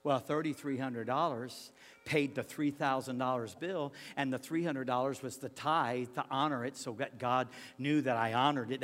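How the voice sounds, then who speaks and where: Man, preacher, storytelling sermon, fairly high voice, hushed to shouting, long hall reverb. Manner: animated, swings from hushed to shouting; stammers for comic effect.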